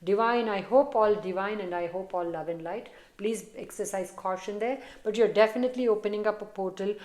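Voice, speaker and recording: A woman giving a casual, encouraging tarot reading to camera on a phone, sometimes dropping to soft murmurs. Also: mid-range voice, brisk, echoey room. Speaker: tarot reader.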